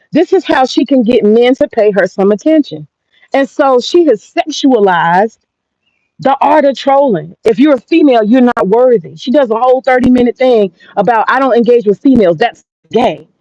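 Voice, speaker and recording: Brash, profane high-voiced woman streamer. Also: animated, moderate pace, dark tone, no echo. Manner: brash, profane, laughing, talking straight to viewers. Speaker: streamer and commentator. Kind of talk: casual gossip commentary. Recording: dull lo-fi dry sound.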